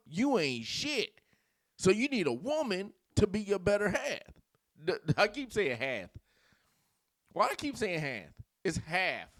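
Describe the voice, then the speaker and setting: A man hosting a comedic commentary channel. His talk is animated and rambling and drifts into tangents, with his pitch swinging widely on a fairly high voice, and the sound is close and dry. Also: dry recording. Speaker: channel host.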